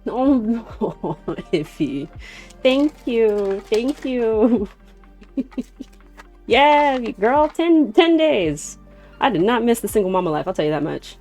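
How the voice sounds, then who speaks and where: Chatty woman streamer with gravelly voice. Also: on the high side, animated, slow, faint music behind. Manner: chatty, greets viewers warmly by name, laughs often. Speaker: streamer doing card readings. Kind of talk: casual live-stream chat.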